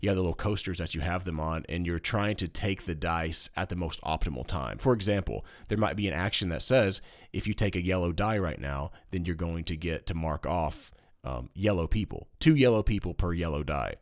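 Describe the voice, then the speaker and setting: Lively low-voiced man chatting games. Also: brisk. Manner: animated, jokey, rambling explanations. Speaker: board game podcast co-host. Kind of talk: casual chat. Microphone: studio microphone.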